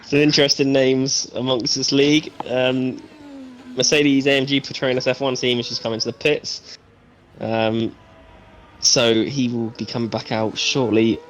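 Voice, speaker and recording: A man calls a live sim racing qualifying session in a relaxed, chatty way, often pausing on fillers before lifting his energy at the finish line. His voice sits mid-range, with a faint hiss of noise behind it. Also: medium pitch, muffled recording. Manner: casual, hesitant fillers, builds excitement on finishes. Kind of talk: live esports commentary.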